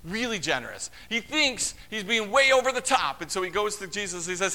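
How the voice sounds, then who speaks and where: A man preaching a sermon in a conversational, animated way, acting out the lines of the people in his story. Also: fast talker, few pauses. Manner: animated, conversational, acts out quotes with big pitch swings. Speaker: pastor. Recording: long hall reverb.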